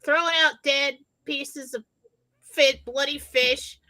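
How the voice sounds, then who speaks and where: A woman's voice: high-pitched, steady tone, slow, bright, forceful tone. A woman co-hosting a casual talk show, telling stories animatedly and laughing as she goes. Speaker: co-host. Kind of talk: casual chat, storytelling.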